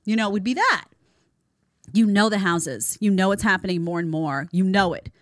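A woman's voice: mid-range voice, normal speed, no room sound. A woman hosting a podcast, giving opinionated commentary in a sarcastic tone and mocking people with impressions, recorded on a studio mic. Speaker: podcast host. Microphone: studio microphone.

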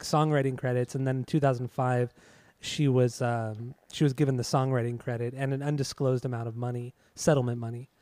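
A man on a podcast telling a story in a loose, rambling way, full of hesitations and the odd curse. His tone is mellow and mid-pitched. The recording is dry and close. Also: dry recording. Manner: rambling, hesitant, profane, many fillers. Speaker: podcast co-host. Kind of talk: casual chat, recounting music history.

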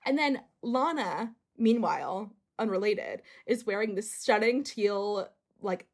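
A woman's voice: medium pitch, lively intonation, takes it slowly. A woman co-hosting a podcast, chatting casually and giggling as she recaps a reality show and acts out quotes in voices. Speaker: podcast co-host.

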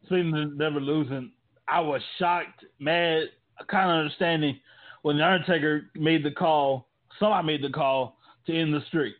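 A man chatting casually, telling stories loosely and answering with quick short replies. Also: on the high side, steady tone. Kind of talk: casual chat. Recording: tinny phone-like sound.

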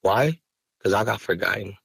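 A man's voice: lowish voice, normal speed, vocal fry, fairly bright tone, breathy edge, dry recording. A man, speaking raw and profane in an emotional podcast interview. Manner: raw, angry, profane, rising to heated outbursts. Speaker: rapper and podcast guest. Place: podcast studio.

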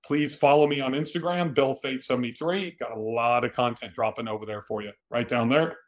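A man's voice: medium pitch, fairly even intonation, brisk. Guy doing a solo podcast, straight-talking coach vibe, normal mid voice. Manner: direct, coaching, plain-spoken. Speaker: podcast host. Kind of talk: solo podcast advice talk.

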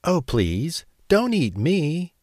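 A man's voice: on the high side, huge pitch swings, extremely slow, a little mellow, no echo, clean studio sound, pitched above the performer's own voice, full character voice. A man voicing a medium-sized billy goat, pleading in fear in a bedtime story. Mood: frightened. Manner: pleading, frightened.

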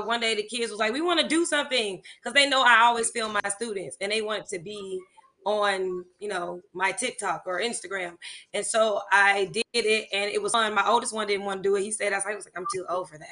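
A woman, a music teacher and songwriter, chatting in an interview and telling animated stories with laughter. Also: medium pitch. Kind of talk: casual interview chat.

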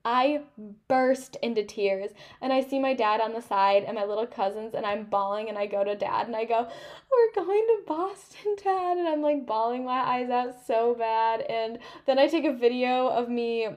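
Young female podcast host, twenties, higher voice, emotional and animated casual storyteller. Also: normal speed. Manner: animated, emotional, heavy use of "like" and "literally".

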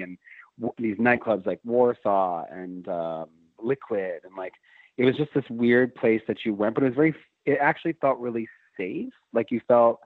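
A middle-aged man tells a long story, rambling and restarting as he goes. His voice sits at an ordinary pitch. The sound is thin and tinny like a phone line, and very dry. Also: no echo. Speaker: guest. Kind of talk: casual storytelling chat.

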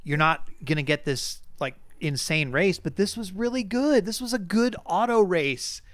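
Smooth-voiced man talking casually. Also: high-pitched, moderate pace, a bit bright, no echo. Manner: rambling, hedging with fillers and restarts. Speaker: podcast co-host. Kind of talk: casual sports chat.

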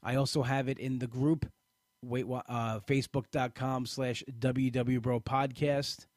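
Male podcast host, casual rambling delivery, mid pitch, dry close mic. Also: little pitch movement, a little slow, a little mellow, no echo. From Italian-American family. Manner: rambling, frequent restarts and fillers. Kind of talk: casual live podcast chat.

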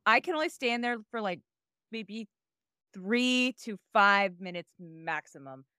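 A woman co-hosting a podcast over a remote call, chatting casually, excitable and swearing freely. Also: medium pitch, a little slow, clear, resonant tone, no room sound, clean studio sound. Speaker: podcast co-host.

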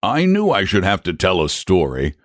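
A man reading aloud as a cheerful circus keeper, genial and hospitable, his low voice swinging up and down lively. He sounds close and dry. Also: moderate pace, dry recording. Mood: mock-groaning.

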